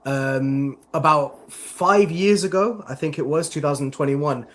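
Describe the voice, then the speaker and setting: A man's voice: a little high, a little slow. A male MMA interviewer asking long, rambling questions in a chatty, casual way.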